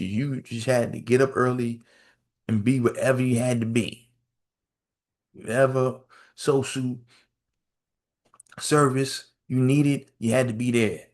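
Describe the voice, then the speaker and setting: A male podcast host telling a story in a casual, animated rant, repeating phrases and acting out quotes. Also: mid-range voice. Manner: animated storytelling with lots of repetition and acted-out quotes.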